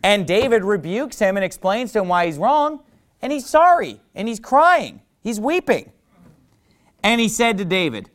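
A man preaching a sermon, who acts out the people he quotes with sudden loud outbursts. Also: high voice, sing-song, moderate pace.

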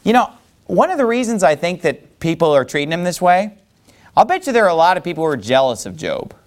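Male Bible teacher, lively and a bit high, casual with fillers. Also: fast talker. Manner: animated, conversational, many fillers. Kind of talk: Bible lesson to a class.

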